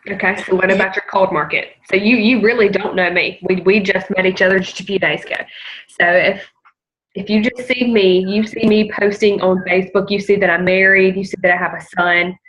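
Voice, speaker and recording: A woman's voice: medium pitch, fairly even intonation, fairly quick, a bit bright. A woman hosting a casual interview, probing and asking for concrete examples. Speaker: host. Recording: dull lo-fi audio.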